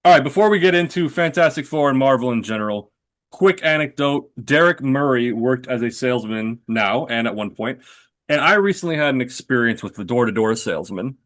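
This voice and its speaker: A man's voice: mid-range voice, lively intonation, a little fast, fairly bright tone. A man in his thirties hosting a podcast, telling a long self-deprecating story in a rambling, casual way with lots of filler words. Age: 30s. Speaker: podcast host.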